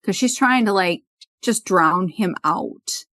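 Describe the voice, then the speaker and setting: A woman's voice: medium pitch, slow pace, fairly bright tone, dry recording. A woman hosting a podcast, casually retelling an episode's scenes and quoting the characters. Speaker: podcast host. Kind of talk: casual recap chat.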